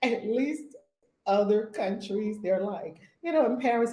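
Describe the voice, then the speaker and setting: A woman from the United States leading a spiritual community session, telling stories in an expressive, blunt, sometimes profane way. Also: a little high, normal speed, reverberant, rough recording. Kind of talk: animated storytelling talk.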